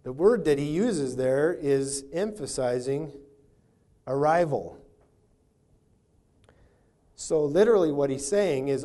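Male pastor, warm mellow voice, deliberate teaching sermon with slowed emphasis. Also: fairly high pitch, animated. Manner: teaching verse by verse, explaining word meanings.

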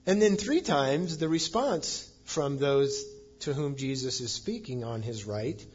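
Brief: male pastor, slow deliberate sermon delivery, husky tone, emphatic on key words, dull muffled recording. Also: medium pitch, lively intonation, darkish tone. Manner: emphatic, reads scripture aloud.

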